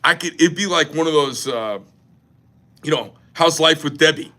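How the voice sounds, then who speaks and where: A man's voice: on the high side, moderate pace, sharp tone. A man, a knife company owner, talking in a profane, joking, rambling style on a casual livestream. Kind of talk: casual crude livestream rant.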